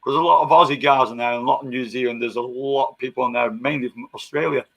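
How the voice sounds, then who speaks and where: A man's voice: medium pitch, steady tone, quick pace, gravelly, rough recording. A man hosting a casual live-stream chat, bantering with coarse slang and laughing often.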